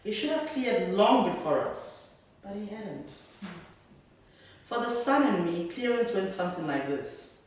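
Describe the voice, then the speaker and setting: A woman author reading her own fiction aloud, then taking questions in a lively, laughing way. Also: medium pitch, a little slow. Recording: echoey room, distant mic.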